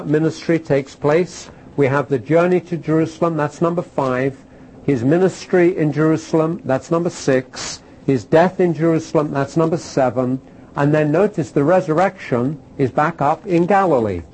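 Male Bible teacher, slightly high voice, animated delivery, repeats key points, faint background noise. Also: rough recording. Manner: animated, rising for emphasis, repeats key phrases; uses fillers like "uh".

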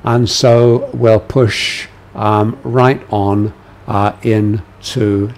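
A man teaching a lecture on a biblical book, measured and full of "uh" fillers. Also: lowish voice, fairly even intonation, darkish tone. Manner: gives quoted commands with raised force. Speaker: Bible teacher.

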